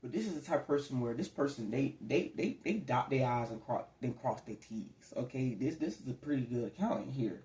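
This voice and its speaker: A man's voice: medium pitch, animated, fairly quick, hardly any pauses, warm tone. Rambling man giving a tarot reading. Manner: rambling, conversational, slips into acted quotes. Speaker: tarot reader. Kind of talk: casual spiritual reading to camera. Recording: echoey room.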